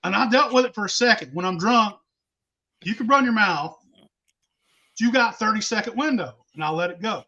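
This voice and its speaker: A man's voice: high voice, animated, normal speed, pauses often, bright, forceful tone, muffled recording. A man telling a rowdy, profane drinking story in casual chat. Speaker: show host telling a story.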